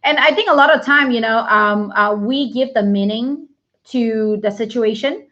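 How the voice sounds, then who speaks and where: A woman co-hosting a relationship talk, speaking hesitantly with many fillers and pauses. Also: fairly high pitch, a bit bright. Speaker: relationship podcast co-host. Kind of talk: casual advice talk. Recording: dull lo-fi sound.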